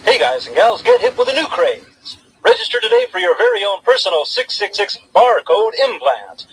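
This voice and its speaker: Man playing a gravelly hyped-up TV pitchman. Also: wildly swooping pitch, normal speed, a bit bright, exaggerated voice, rough recording. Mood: salesy. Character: cheesy male TV pitchman selling barcode implants. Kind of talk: spoof commercial in a song.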